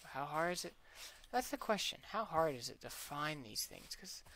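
A man's voice: a little high, sing-song, normal speed, gravelly, sharp tone, a little hiss or hum. A man doing let's play gameplay commentary, muttering to himself as he plays and letting out sudden yelps. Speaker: gaming channel host. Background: background music.

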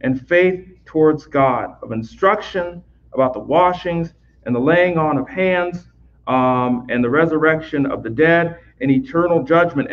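A man's voice: on the high side, fairly bright tone. Man teaching scripture, lo-fi sound. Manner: conversational, repeats words, checks in with "right?". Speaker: Bible teacher. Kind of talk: recorded Bible lesson.

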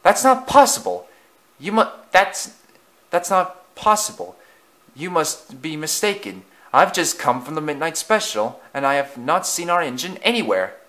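A man's voice: high voice, big pitch swings, normal speed, hardly any pauses, pushed and bright, voice pushed up, exaggerated voice. A man voicing a panicked male railway guard in a storybook reading, talking frantically as if out of breath.

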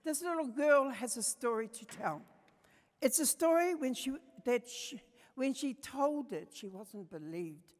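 A woman's voice: sits high, lively intonation, a little slow. Older New Zealand woman, hall reverb. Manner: passionate, swings between soft and emphatic. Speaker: conference speaker. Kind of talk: personal storytelling talk.

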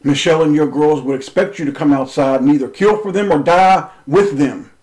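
A man telling a personal story as an impassioned monologue, intense and confrontational, swearing freely and swinging between raised and lowered speech. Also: fairly quick, darkish tone, poor audio.

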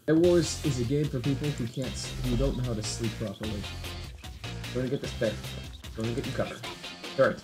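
A gameplay commentator talking live over play, self-mocking, looping the same phrase again and again and swinging from low mutters to high yelps. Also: fairly even intonation, brisk. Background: game music.

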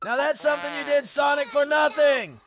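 A man reacting to short videos, talking to his viewers in an excitable, shouty way full of exclamations. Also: very high-pitched, brisk, noisy background.

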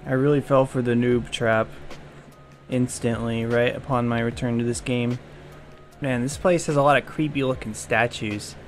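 A man's voice: medium pitch, steady tone, normal speed, faint music behind. A man giving comedic gameplay commentary, jumpy and self-mocking, yelping and groaning whenever danger shows up. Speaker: gaming video creator.

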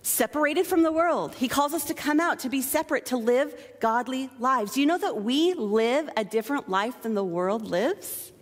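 Woman pastor, high voice, lively playful sermon delivery, long hall reverb. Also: moderate pace, hardly any pauses. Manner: animated, playful, self-mocking asides. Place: church sanctuary.

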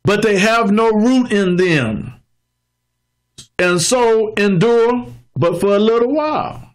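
A male pastor preaching a sermon, explaining scripture through everyday examples and slowing down to read the verses. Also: high voice.

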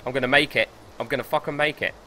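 A young man streaming gameplay live, excitable and swearing as he talks himself through the match. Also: medium pitch, quick pace, slight background noise. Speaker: gaming streamer.

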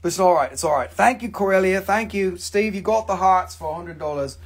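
A man's voice: high-pitched, brisk, husky. A man hosting a casual live sale, rambling and joking, swearing freely as he shows his pieces. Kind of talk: casual live sales stream.

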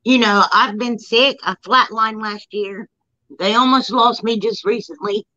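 A woman's voice: on the high side, steady tone, a little slow, sharp tone, dull audio. A woman talking heartfelt and tearful in a casual chat. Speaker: guest YouTuber.

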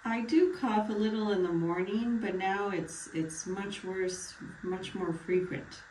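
A woman's voice: mid-range voice, a little slow, a little mellow, slight background noise, natural voice. A woman playing a retired older male patient with a bad cough in a mock doctor-patient role-play, giving short plain answers. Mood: tired. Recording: echoey room, far from mic, faint ambience.

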